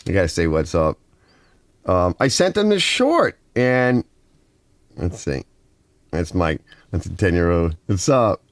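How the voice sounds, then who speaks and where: A man's voice: deep voice, big pitch swings, a little slow, pauses often, no echo, clean studio sound. A man with a Northern US accent hosting a casual garage livestream, rambling and reading viewer comments aloud.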